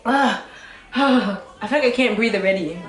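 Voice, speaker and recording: A woman's voice: fairly high pitch, normal speed, roomy sound. A young woman vlogging a food challenge at home, laughing and screaming at the heat. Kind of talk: casual food challenge vlog.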